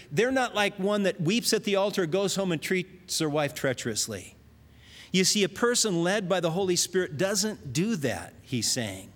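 A man delivering a sermon in a high, animated voice that rises and falls widely. His preaching rings out with a long reverb, as if in a large sanctuary. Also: moderate pace. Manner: animated preaching, voicing God's words. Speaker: pastor.

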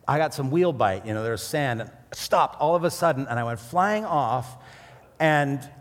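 Pastor preaching in an echoing hall. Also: male voice, a little high. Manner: animated storytelling with jokes. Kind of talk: sermon with personal stories. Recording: long hall reverb.

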